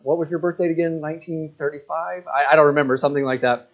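High-voiced guy in his 40s preaching at church, chatty and jokey, keeps restarting, muffled lo-fi recording. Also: fairly even intonation, quick pace. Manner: conversational and joking, with many restarts and asides to the congregation. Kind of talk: sermon.

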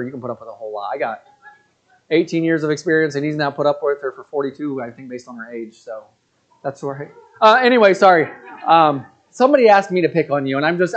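A man's voice: fairly high pitch, expressive, quick pace, highs cut off. A man in his forties preaching in a church, conversational and joking, with frequent restarts and asides to the congregation. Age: 40s. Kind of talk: sermon.

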